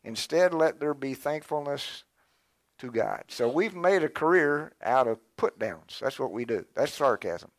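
An older man preaching a sermon in a folksy, animated way, calling on the congregation to answer back. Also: mid-range voice, unhurried, dry recording. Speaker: pastor.

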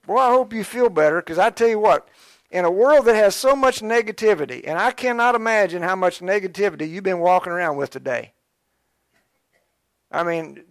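Fervent, slightly high-voiced male preacher. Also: no echo, studio quality. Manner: fervent, exhorting, urgent early and quieter and reflective later. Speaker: pastor. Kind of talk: sermon.

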